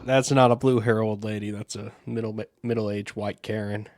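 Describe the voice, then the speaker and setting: A man co-hosts a podcast in casual chat, sounding hesitant and full of restarts. His lowish, slightly mellow voice keeps fairly even intonation at a moderate pace. A little hiss or hum is audible.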